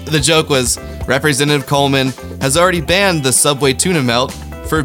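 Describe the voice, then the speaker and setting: A man hosting a satirical news monologue with deadpan delivery and self-deprecating asides. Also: fairly high pitch, fairly quick, faint music behind. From Kansas City area. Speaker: comedy news host.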